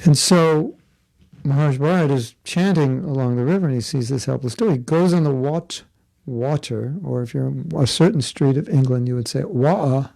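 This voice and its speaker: A man's voice: medium pitch, a little fast, vocal fry, warm tone. A man giving a conversational devotional class, telling a story with asides and jokes. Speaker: spiritual teacher. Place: Florida.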